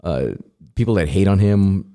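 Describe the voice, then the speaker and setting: A man from El Paso, a radio DJ guest, talking in a casual podcast studio chat as a fast, profane, animated storyteller. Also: sits low. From El Paso, Texas.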